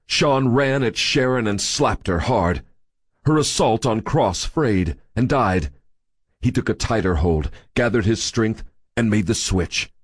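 A man reading a novel aloud in a measured, steady storytelling voice. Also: on the low side, breathy edge, dry recording, studio quality. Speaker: audiobook narrator. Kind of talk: scripted narration.

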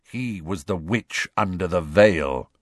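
A man's voice: low voice, animated, slow pace, no echo, studio quality, exaggerated voice. A man reading an audiobook, voicing a sly, grinning adult male wizard who speaks in a wry, teasing way.

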